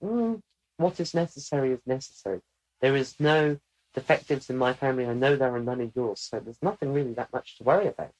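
A man in casual conversation who tells dry jokes and explains things slowly and deliberately. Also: mid-range voice, a little mellow, low-quality recording.

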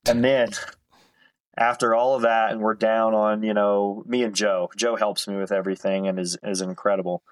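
A man in his thirties, a photographer guest, telling animated stories in casual conversation with the odd swear word. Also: on the low side, normal speed, a little hiss or hum, rough recording. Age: 30s. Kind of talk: casual storytelling interview.

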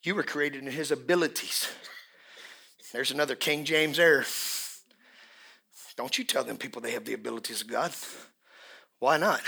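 A middle-aged man preaching a sermon in a church, dropping to hushed asides and then rising to shouted climaxes. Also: mid-range voice, normal speed, vocal fry, long pauses, slightly rough. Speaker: pastor. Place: church service in a room.

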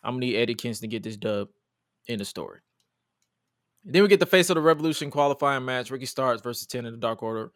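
A man's voice: medium pitch, quick pace, no echo, clean studio sound. A man co-hosting a wrestling podcast, talking casually and animatedly, swearing and acting out quotes. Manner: animated, profane, acts out quotes. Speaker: podcast co-host.

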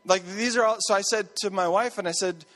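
Storytelling pastor in a reverberant hall. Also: male voice, sits high, brisk, a bit bright. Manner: conversational storytelling with repeated phrases. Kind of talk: sermon.

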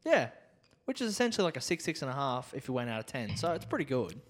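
A man's voice: medium pitch, big pitch swings, fast. A man co-hosting a casual podcast, joking and swearing freely. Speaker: podcast co-host. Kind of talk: casual chat.

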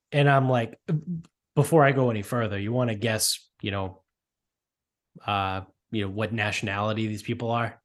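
A man's voice: fairly low pitch, moderate pace. A man casually telling a rambling, profane story about an airport mix-up, full of asides and filler words. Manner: profane, rambling, animated retelling. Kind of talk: casual chat.

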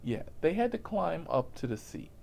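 A man's voice: on the high side, very animated, normal speed, creaky, darkish tone. A man telling a profane, comic story about his rideshare job in a casual voice, laughing at himself as he goes.

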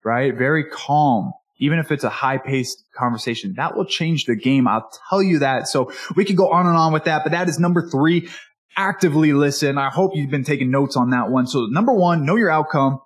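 Husky man giving a casual networking lesson. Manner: acts out quoted people with brisk shifts in pitch. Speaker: networking coach.

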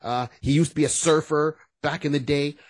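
A man co-hosting a casual podcast, animated and breaking into quoted voices as he talks. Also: a little high, fairly quick, no echo. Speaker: podcast co-host. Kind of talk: casual chat.

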